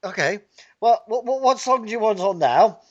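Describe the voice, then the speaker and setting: A man's voice: high-pitched, animated, moderate pace, muffled recording. A man presenting a radio show, interviewing a guest with brief, encouraging replies and questions.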